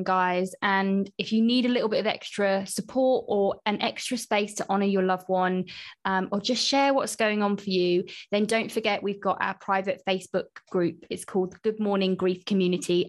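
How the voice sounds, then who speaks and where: A young woman co-hosting a casual podcast, reading listener messages aloud and chatting warmly, with the odd swear word. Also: medium pitch. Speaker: podcast co-host.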